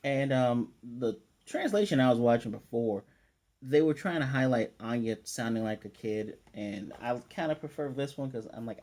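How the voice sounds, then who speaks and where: A man's voice: mid-range voice, darkish tone. A man casually recapping and reviewing an anime episode, chatty and opinionated, with frequent fillers.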